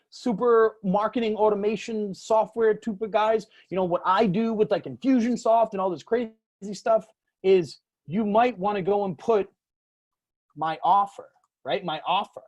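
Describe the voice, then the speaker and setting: Rambling man giving a casual software tutorial. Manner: loose and rambling, full of fillers and "boom". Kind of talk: casual screen-share tutorial.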